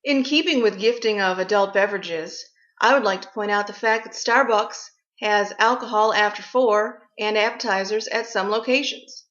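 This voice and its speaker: A woman's voice: medium pitch, moderate pace, fairly bright tone. A woman vlogger delivering a blunt, sarcastic, profane comic rant. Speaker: vlogger ranting about gifts. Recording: echoey room, slightly dull sound.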